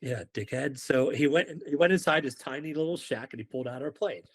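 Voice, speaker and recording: A man's voice: mid-range voice, a little fast. A man from the United Kingdom, a former Marine on a podcast, telling stories casually and acting out the dialogue. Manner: animated, acts out quoted dialogue. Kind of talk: casual storytelling.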